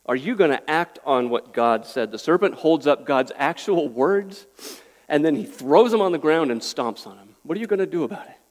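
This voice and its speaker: A man's voice: on the high side, expressive, moderate pace. A pastor preaching an earnest, pleading sermon, a man who often restarts his words. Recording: echoey hall with long reverb.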